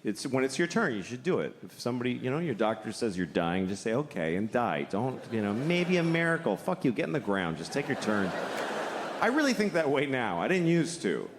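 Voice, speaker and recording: A man doing live stand-up, delivering dark one-liners in a deadpan way. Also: mid-range voice, brisk, slight background noise. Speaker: stand-up comedian. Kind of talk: stand-up routine. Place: live comedy stage before an audience. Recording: echoey hall with loud audience.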